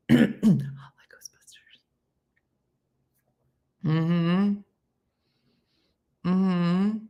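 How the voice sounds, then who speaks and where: A woman hosting a casual live session reads out viewer comments, playful and full of energy, dipping into silly high-pitched voices and hushed whispers along the way.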